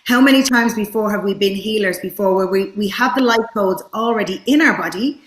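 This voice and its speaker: A woman's voice: mid-range voice, brisk, hardly any pauses. A woman hosting an interview as a therapist, speaking casually and enthusiastically with frequent restarts. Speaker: host, therapist. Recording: echoey room.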